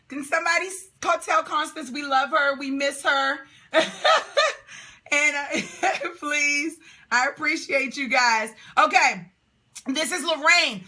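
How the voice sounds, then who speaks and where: Reading comments aloud on a live call for business owners, this woman cheers and whoops with exuberance, rattling off questions rapid-fire. She speaks in a high-sitting, bright, forceful voice.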